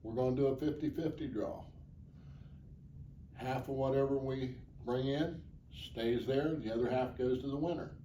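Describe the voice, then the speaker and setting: Earnest man with a mellow voice. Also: mid-range voice, steady tone, moderate pace, distant mic. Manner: earnest, plainspoken, rambling. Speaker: charity motorcycle ride organizer. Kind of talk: interview answers. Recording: echoey, off-mic, faint background noise.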